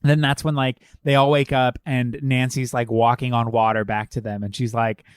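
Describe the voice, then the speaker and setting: A man co-hosting a podcast, chatting casually about a film, animated and swearing as he acts out its lines. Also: medium pitch, moderate pace, clear, resonant tone, no room sound, studio quality. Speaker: podcast co-host.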